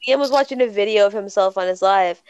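A woman's voice: mid-range voice, fast talker, darkish tone, smooth, dry recording, muffled recording. A woman in casual chat who rambles, laughs and trails off mid-sentence.

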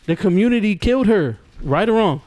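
A man's voice: high voice, expressive, fairly quick, darkish tone. A man co-hosting a casual podcast, laughing often and pressing his point with repeated phrases. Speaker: podcast co-host.

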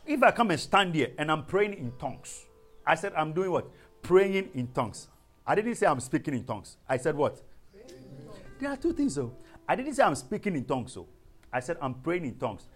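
An animated male preacher whose pitch leaps and swoops as he teaches. He calls out questions to his congregation and slips into speaking in tongues. Faint music plays underneath. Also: a little fast, husky. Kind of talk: teaching sermon.

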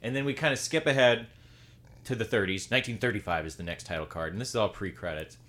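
A man with a Southern US accent talks through a film in a loose, casual way. His voice sits fairly low, and he circles back and restarts his thoughts as he goes. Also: fast talker, fairly bright tone. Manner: meandering, restarts his sentences.

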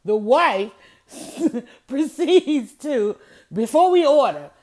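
A woman hosting a motivational podcast, telling stories with lively energy and repeating her key phrases to press a point. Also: high voice, very slow. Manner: lively storytelling, addresses listeners as y'all and honey. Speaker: podcast host.

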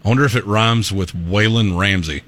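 A man's voice: fairly low pitch, normal speed, no echo. A man hosting a casual sports talk show, joking and laughing as he talks. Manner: jokey, animated, laughs often. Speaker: sports radio host.

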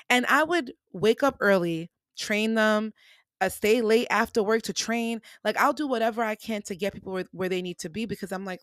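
A woman's voice: fairly high pitch, brisk, no room sound, studio quality. A young adult woman hosting a podcast, talking casually and encouragingly to her listeners, calling them y'all. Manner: animated, chatty, addresses listeners as y'all. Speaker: podcast host. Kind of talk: casual motivational podcast talk.

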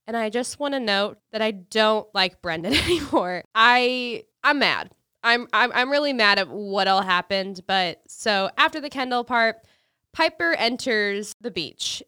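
A woman's voice: mid-range voice, bright, forceful tone, clean tone, dry recording, clean studio sound. A woman co-hosting a podcast, chatting casually and with emphasis. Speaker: podcast co-host.

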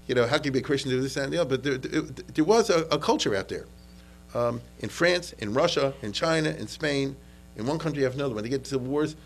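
The recording is rough, capturing a man of medium pitch lecturing informally on history. His tone is conversational, he regularly checks in with those listening, and Yiddish and Hebrew terms come up throughout.

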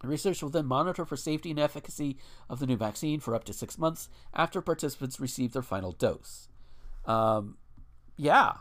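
A man's voice: medium pitch, brisk, fairly bright tone. A man hosting a podcast in casual chat, rambling and profane with frequent restarts.

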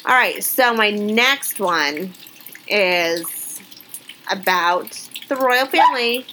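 A woman co-hosting a podcast, chatting casually and reading funny news stories aloud with lively exclamations. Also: mid-range voice, slow pace, heavy background noise. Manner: chatty, animated, reacts with exclamations. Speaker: podcast co-host.

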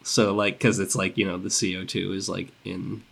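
A man's voice: low-pitched, flat delivery, moderate pace, creaky, a bit bright. A young man with a congested voice hosting a casual podcast, rambling and upbeat with plenty of fillers. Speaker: podcast host.

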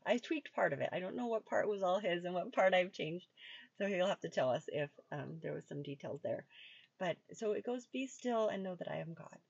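Husky, creaky-voiced woman podcast host. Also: fairly low pitch, no echo, muffled recording. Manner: relaxed, chatty, soft-spoken when guiding. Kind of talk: casual podcast talk and guided meditation.

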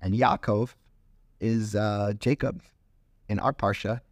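A man co-hosting a podcast, talking through scripture in a relaxed, rambling way with frequent fillers. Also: on the low side, slow pace, dry recording, clean studio sound. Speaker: podcast co-host. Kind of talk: casual chat about scripture.

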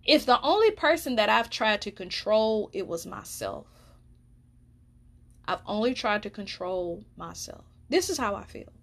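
A woman's voice: medium pitch, sing-song, unhurried, vocal fry. A woman hosting a solo podcast, talking candidly and emphatically, swearing freely. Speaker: podcast host. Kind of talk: casual solo podcast monologue.

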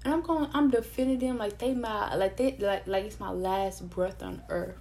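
A woman vents to her viewers in a loose, unscripted rant, speaking. She swears freely, piles up fillers and keeps interrupting herself. Her pitch sits in the middle range for a woman. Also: normal speed. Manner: profane, animated, rambling with many fillers and self-interruptions. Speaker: vlogger. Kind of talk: casual opinion rant to camera.

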